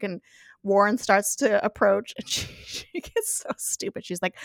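A woman's voice: mid-range voice, moderate pace, vocal fry, dry recording, studio quality. A woman hosting a podcast, recapping a TV episode in casual chat, laughing often and acting out the characters' lines. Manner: giggly, acts out quotes in animated voices. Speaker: podcast host.

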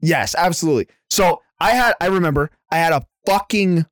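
A man's voice: a little high, a little fast, no room sound, studio quality. A man co-hosting a casual podcast, telling a story with lots of swearing and laughter. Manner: profane, laughing, animated storyteller. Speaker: podcast co-host.

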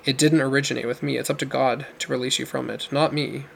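A gentle young male missionary offers calm, steady consolation, read by a man. His voice has a gravelly edge at a middle pitch. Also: quick pace, slight background noise. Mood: consoling.

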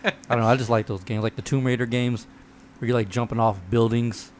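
Man, casual gaming chat, slangy, profane, medium pitch, faint background hiss. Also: fairly even intonation, fairly quick. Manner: laid-back, profane, slangy.

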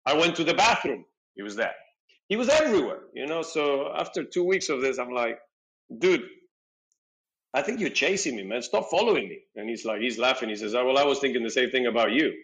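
A middle-aged man recounting a personal story as a podcast guest. His voice is animated, jumping between his own lines and the people he quotes, and he peppers his speech with casual fillers. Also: mid-range voice, a little fast, rough recording. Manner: animated, acts out dialogue, frequent "you know".

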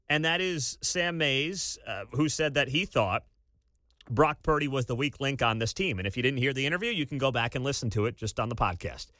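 A man hosting a college sports talk radio show, ranting with incredulous energy and bursts of shouting. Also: medium pitch, no room sound, studio quality. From Kansas City area. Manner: animated, incredulous rants with sudden shouting.

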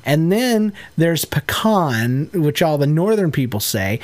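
A man's voice: a little high, sing-song, darkish tone. A man co-hosting a podcast with his wife, teasing her in casual chat. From Georgia, US. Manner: playful, teasing, quick to laugh. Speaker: podcast co-host.

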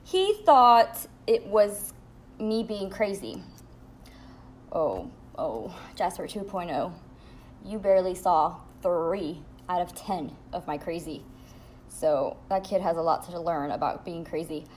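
A woman's voice: lowish voice, animated, slow, slight background noise. A young woman hosting a casual podcast from home, telling a story bluntly and candidly, with plenty of swearing. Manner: blunt, profane, candid venting. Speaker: podcast host.

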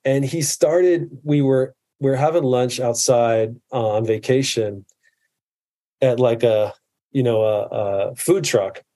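Mellow-voiced man, earnest and reflective. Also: medium pitch, takes it slowly. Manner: earnest, reflective, restarts often. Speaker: podcast guest, medical provider. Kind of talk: casual conversation.

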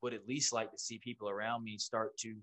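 Laid-back man, low voice. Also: little pitch movement, a little fast, fairly bright tone. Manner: laid-back, swears freely, says "bro" a lot. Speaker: podcast host. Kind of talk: casual chat. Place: at home.

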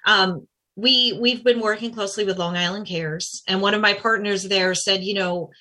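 A woman who runs a small nonprofit, answering interview questions in an earnest, measured way. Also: medium pitch, fairly even intonation, sharp tone. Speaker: nonprofit founder. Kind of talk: interview guest.

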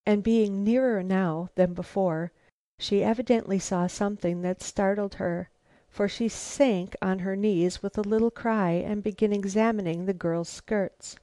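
A woman narrating a novel in a measured, composed reading. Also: medium pitch, steady tone, dark tone, no room sound. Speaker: audiobook narrator.

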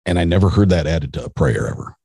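A man's voice: low-pitched, expressive, fast, vocal fry, mellow, breathy edge, no echo. A middle-aged man, a podcast guest, telling a story in a rambling casual way with restarts.

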